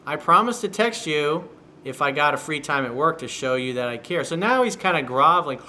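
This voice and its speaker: Brisk and animated, a man with a high-leaning, pushed and bright voice reads out a viewer's email as a dating coach and answers it bluntly, profanely and sarcastically. It's a solo video newsletter commentary from a home room with workers outside the window, with slight background noise.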